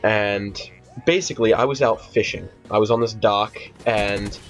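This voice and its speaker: A man's voice: fairly low pitch, moderate pace. A teenage boy telling a rambling, profane storytime vlog, full of fillers and restarts. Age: teens. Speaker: vlogger. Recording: dull lo-fi audio with faint music.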